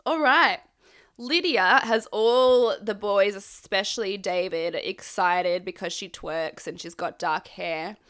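Young Aussie woman, unhurried sarcastic recap, bright sharp tone. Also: medium pitch, clear, resonant tone. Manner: irreverent, sarcastic, swears freely. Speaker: recap vlogger. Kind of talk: casual reality-show recap.

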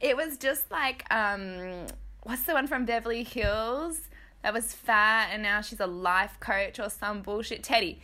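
A woman chats through gossip commentary with a candid, joking manner and quick asides. Her voice sits a little high and sounds bright and sharp. She speaks casually, as if talking to friends. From Australia. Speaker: podcast host.

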